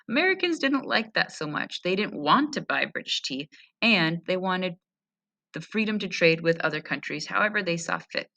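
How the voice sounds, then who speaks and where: Bright-voiced woman teaching a read-aloud. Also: on the low side. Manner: friendly, asks rhetorical questions, reads then comments. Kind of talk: read-aloud history lesson.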